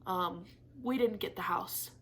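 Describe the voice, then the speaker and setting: A woman's voice: mid-range voice, a little slow, fairly bright tone, slight background noise. A young woman chatting candidly to camera in a craft vlog, swearing casually and laughing often, teary and disappointed. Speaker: craft vlogger.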